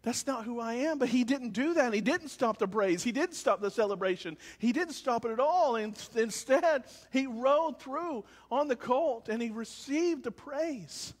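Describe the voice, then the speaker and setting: A man pastor preaching a sermon, swinging between loud calls and quiet, low lines. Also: lively intonation, unhurried, hardly any pauses, long reverb tail. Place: church service, with cars passing by.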